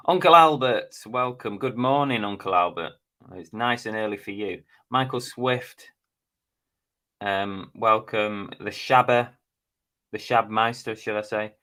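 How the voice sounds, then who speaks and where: A man's voice: lowish voice, pushed and bright. A middle-aged man, hosting a casual live stream and chatting as he reads out viewers' names and comments. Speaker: live stream host reading chat.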